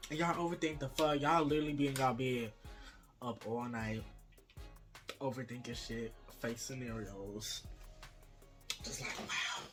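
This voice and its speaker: A young man hosting a casual mukbang vlog, talking straight to his viewers in a sassy, profane, expressive way. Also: unhurried, pauses often, soft background music. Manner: sassy, profane, expressive with wide pitch swings. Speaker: vlogger host. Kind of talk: casual mukbang chat to camera.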